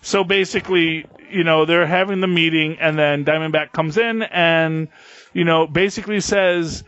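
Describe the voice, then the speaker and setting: A man's voice: a little high, normal speed, fairly bright tone, smooth, no room sound. A man co-hosting a podcast in casual chat, rambling with many fillers and restarts. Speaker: podcast co-host. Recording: dull lo-fi podcast audio, dry.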